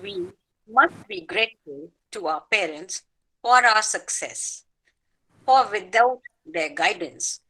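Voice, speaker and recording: A woman from New Delhi, reciting her poem in a measured, formal way at an online open mic. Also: medium pitch, very animated, bright, forceful tone, slightly rough, low-quality recording. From New Delhi, India. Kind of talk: poetry recitation. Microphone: video call.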